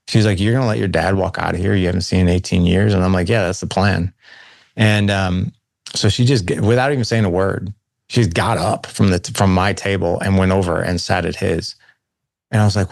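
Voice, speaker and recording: A man's voice: sits low, fairly even intonation, fairly quick, creaky, no echo, clean studio sound. A man in his forties, a podcast guest telling his life story in a casual way, using "man" and "like" often. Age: 40s. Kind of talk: storytelling in conversation. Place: Saint Louis.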